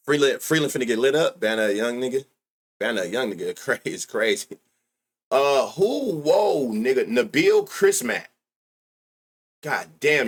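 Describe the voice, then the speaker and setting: A man hosting a sports betting livestream, chatting casually with loud excitable outbursts and heavy slang. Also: medium pitch. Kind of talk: casual live-stream chat.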